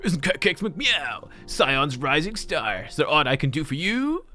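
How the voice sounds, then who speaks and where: A man's voice: on the high side, big pitch swings, unhurried, sharp tone, soft background music, voice pushed up, heavily acted. A man voicing a brawny male resistance fighter in a drawling, stretched-out cartoon-hunk style, reading game dialogue aloud. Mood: swaggering.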